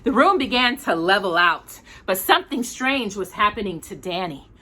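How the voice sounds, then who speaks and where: A woman storyteller reading a picture book aloud. Her voice is bright, and her pitch moves a great deal as she animates the story. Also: normal speed, a little hiss or hum. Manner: expressive, animated.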